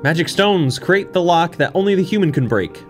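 A man's voice: fairly high pitch, lively intonation, a little fast, faint music behind, voice pushed up, close to an everyday voice. A man doing a pompous grand wizard. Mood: solemn. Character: grand old male wizard, pompous and solemn.

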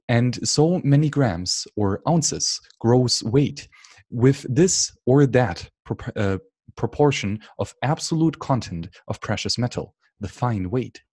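A man's voice: medium pitch, a little mellow, breathy edge, dry recording, clean studio sound. A man reading an economics book aloud, stumbling and restarting words now and then. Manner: unscripted reading with frequent slips and restarts. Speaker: audiobook reader.

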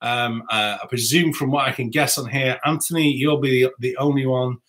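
A man's voice: medium pitch, fairly even intonation, moderate pace, a bit bright. A man hosting a rambling live stream, chatting and answering viewer comments. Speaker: saxophonist and YouTuber host. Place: home music room.

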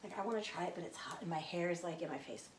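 A woman's voice: fairly low pitch, rapid-fire, far from the mic, slight background noise. A woman in her thirties chatting casually in her home kitchen while she cooks, rambling and joking at her own expense with lots of fillers. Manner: rambling, self-deprecating, chatty with many fillers. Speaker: home cook vlogger. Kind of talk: casual cooking vlog chat. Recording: echoey kitchen with faint ambience.

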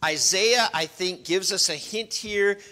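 A middle-aged man preaching a sermon as pastor, earnest, shifting between loud emphasis and quiet, confiding storytelling. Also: high voice, a little slow. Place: church.

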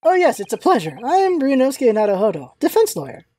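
A woman's voice: high-pitched, huge pitch swings, fast, warm tone, full character voice. A woman voicing a polite, earnest young male lawyer in a game read-through.

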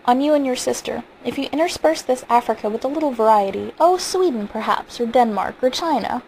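A woman reading the part of a stern, worried father, exasperated and brooding, with a gravelly edge. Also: a little high, a little fast, darkish tone, a little hiss or hum, rough recording.

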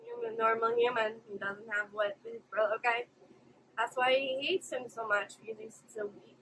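A woman's voice: fairly high pitch, very animated, normal speed, creaky, a bit bright, a little hiss or hum, poor audio. A young woman hosting an anime reaction video, emotional and exclamatory, swearing now and then. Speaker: reaction channel host.

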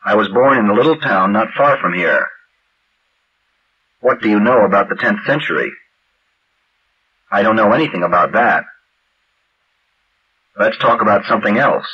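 Low husky guy reading english drill lines, voice swings up and down, muffled old tape. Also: animated. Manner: measured, carefully enunciated drill reading. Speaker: language teacher. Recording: dull lo-fi vintage recording.

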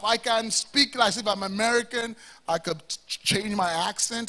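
A man's voice: high-pitched, animated, normal speed, sharp tone. A Nigerian pastor preaching a sermon to his congregation, with emphatic, rhetorical questions. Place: church service before a congregation.

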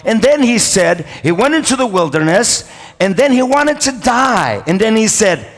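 A man's voice: high voice, very animated, normal speed. A man preaching a sermon as pastor, emphatic, repeating key lines and calling for amens. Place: large church hall. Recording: long reverb of a church hall.

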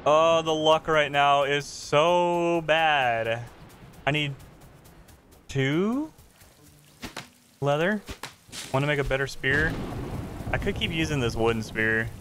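A man giving casual let's-play commentary while gaming, chatty and excitable, reacting out loud to the game. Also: a little high, slow, long pauses, slight background noise. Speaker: gaming streamer.

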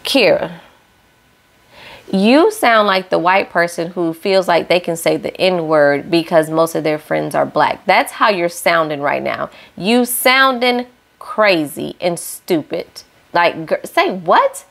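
A woman's voice: on the low side, expressive, slow, vocal fry. A young woman hosting a casual reality-show recap, sassy and opinionated, scolding the cast directly.

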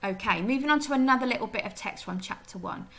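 A woman teacher talks through a reading lesson with a bright, clear tone and lively ups and downs in pitch. Her voice sits a little high with a gravelly edge at the ends of phrases. She explains patiently and keeps asking her pupils questions. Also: fast. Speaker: primary school teacher.

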